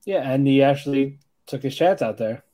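A man's voice: mid-range voice, lively intonation, normal speed, mellow. A man co-hosting a casual anime podcast, agreeing easily and adding to the recap with an easygoing manner. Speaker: podcast co-host.

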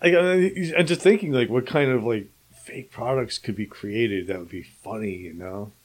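Man, podcast host, loose and musing, a bit unsure, casual chat, medium pitch. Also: moderate pace.

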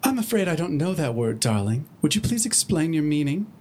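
A man's voice: on the high side, big pitch swings, a little fast, a little mellow, a little hiss or hum, voice pushed up. A man voicing a refined, flamboyant female pony in a storybook reading, speaking in a prim, genteel manner. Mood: polite puzzlement. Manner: prim, genteel, calls people darling.

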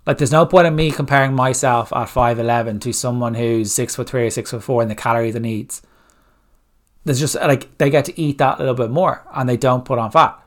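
A man's voice: medium pitch, fairly even intonation, brisk. A man hosting a solo coaching podcast, giving blunt, direct fat-loss advice and firing off rhetorical questions. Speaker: fitness coach, podcast host.

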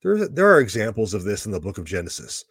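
Low-voiced man explaining a Bible passage. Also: very animated, fast talker, husky, no echo, clean studio sound. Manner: conversational, explaining step by step with casual asides. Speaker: Bible teacher.

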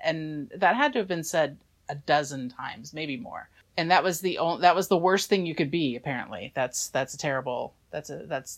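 Low-voiced woman giving a film verdict. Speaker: podcast co-host. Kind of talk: casual movie review chat.

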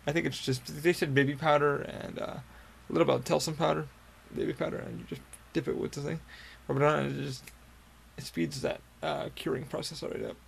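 A man's voice: a little high, a little fast, creaky, slight background noise. A young man hosting a podcast, telling a long casual story in a rambling, profane way full of fillers and restarts. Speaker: podcast host.

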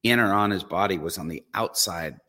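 A man's voice: deep voice, brisk, pushed and bright. A man, a guest evangelist, telling a story in a podcast interview, acting out his own reactions as he goes.

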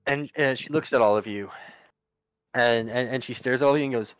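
A man's voice: mid-range voice, brisk, clean tone, no echo, rough recording. A man narrating a tabletop game as game master, casual and profane, with lots of ums and uhs.

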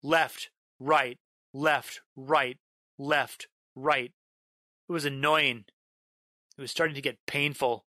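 Bright, dry male storyteller narrating horror. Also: mid-range voice, fairly even intonation, no room sound. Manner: dramatic, slows down on a repeated line, bursts into yelling.

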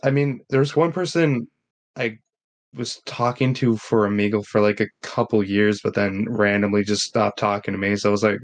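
A man's voice: lowish voice, fairly even intonation, moderate pace. Rambling, swearing podcast guy. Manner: rambling, swears casually, jokey. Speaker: podcast co-host. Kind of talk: casual chat.

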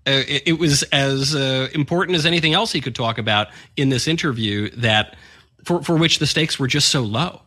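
A man's voice: medium pitch, normal speed, bright, forceful tone. A man co-hosting a political talk show, giving analytical and opinionated commentary. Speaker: co-host.

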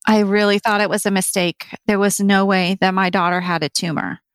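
Middle-aged lady telling her story, earnest, dry close sound, mid pitch. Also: fairly even intonation, brisk, clean tone, no room sound. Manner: earnest storytelling, acting out quoted voices. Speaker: interview guest. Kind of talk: personal story in an interview.

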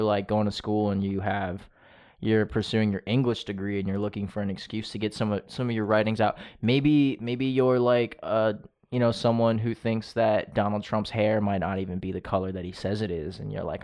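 A man's voice: fairly low pitch, normal speed, darkish tone. A man co-hosting a podcast in casual banter, joking around, swearing freely and laughing often. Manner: jokey, profane, laughs often. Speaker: podcast co-host.

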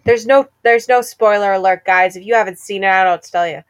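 A chatty young woman co-hosting a casual podcast. She talks in an easy, gossipy way at a middle pitch and laughs often. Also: fast talker, clean tone. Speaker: podcast co-host. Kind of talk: casual chat.

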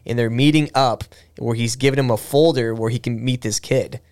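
A man's voice: medium pitch, fairly even intonation, normal speed, a little mellow. Rambling man retelling a movie. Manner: rambling, stop-start retelling with frequent restarts. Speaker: podcast host. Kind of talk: casual chat.

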